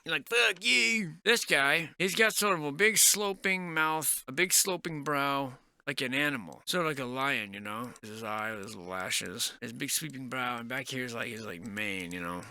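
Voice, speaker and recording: A man's voice: mid-range voice, moderate pace, hardly any pauses, pushed and bright, clean tone, no echo. Man for a casual vlog: dry close sound, loose and speculative, trails off often. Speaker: vlogger. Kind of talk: casual musing commentary.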